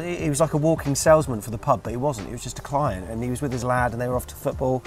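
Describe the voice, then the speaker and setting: A man's voice: medium pitch, rapid-fire. A man co-hosting a fan channel, chatting casually and telling stories from an away trip. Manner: chatty storyteller, reads out quotes. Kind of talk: casual chat review.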